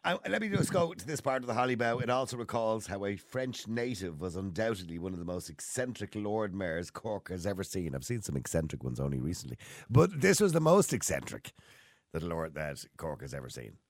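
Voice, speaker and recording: A man's voice: low voice, very animated, a little fast, no room sound. A man hosting a radio chat, jokey and laughing easily. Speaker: radio host.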